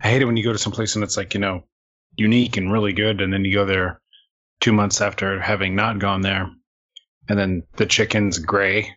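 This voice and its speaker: Low-voiced man on a dull, lo-fi mic. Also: little pitch movement, fairly quick, a bit bright. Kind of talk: casual chat. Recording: dull, lo-fi sound.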